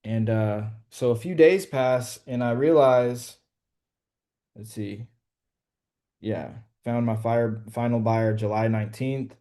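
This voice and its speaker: A man's voice: medium pitch, steady tone, takes it slowly, mellow. A man casually telling a story to a group on a call, slangy and profane, full of "bro" and "like". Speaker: real estate wholesaler coaching a group.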